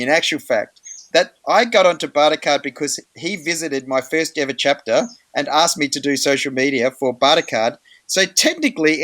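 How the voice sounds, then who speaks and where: Australian male host, chatty, animated storyteller, dry close sound. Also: a little high, no room sound. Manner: chatty, animated, many fillers, acts out quoted voices. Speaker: meeting host. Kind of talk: casual storytelling in an online meeting.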